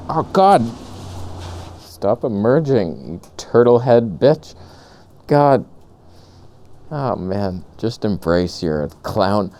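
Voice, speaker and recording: A man ranting sarcastically in a comedic vlog, outdoors on a lavalier mic, jumping between high mocking voices and low grumbles. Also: warm tone, slight background noise. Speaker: camera vlogger.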